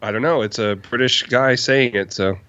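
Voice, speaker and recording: A man's voice: mid-range voice, normal speed, a bit bright, no room sound. A man chatting as a podcast guest, easygoing, chuckling, often restarting his sentences. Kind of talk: casual chat. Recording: dull lo-fi sound.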